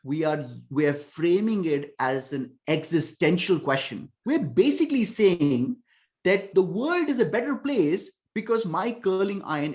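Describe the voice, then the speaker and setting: Podcast guest, male, lively pitch, emphatic explainer, restarts mid-thought. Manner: animated explainer, emphatic, repeats words when thinking. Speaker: podcast guest, ecommerce conversion expert. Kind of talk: casual podcast interview.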